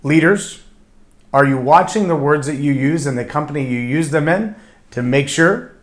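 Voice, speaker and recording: A man's voice: on the high side, a bit bright. A man hosting a short leadership podcast, talking emphatically and acting out mock interview answers. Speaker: podcast host. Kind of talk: short leadership talk to camera.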